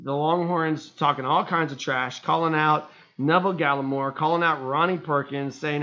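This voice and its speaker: A man co-hosting a casual sports podcast, telling stories animatedly and getting loud and high when excited. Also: moderate pace, few pauses. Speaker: podcast co-host. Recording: muffled lo-fi sound.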